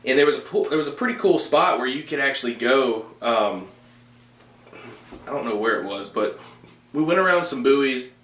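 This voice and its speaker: A young man hosts a podcast and tells a story in a loose, animated way, often laughing and filling pauses with "uh" and "like." His voice sits at a medium pitch. The room has a noticeable echo. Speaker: podcast host. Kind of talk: casual storytelling.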